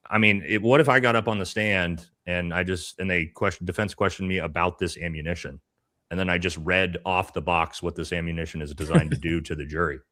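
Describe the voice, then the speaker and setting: A man's voice: low-pitched, sharp tone. A man giving blunt, casual commentary as a panelist on a live stream, pressing his points with rising emphasis.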